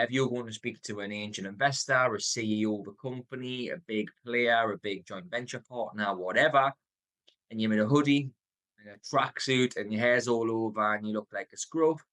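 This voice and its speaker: A man in his thirties with a Geordie accent, giving a motivational sales coaching talk, stressing words, pausing on purpose and shifting his pace. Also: medium pitch, a bit bright. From North East England. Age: 30s. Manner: varies tone and pace, deliberate pauses, emphatic.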